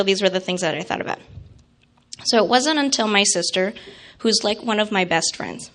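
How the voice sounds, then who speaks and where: A young woman, a guest speaker, telling an animated personal story to an audience and acting out quoted voices. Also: medium pitch.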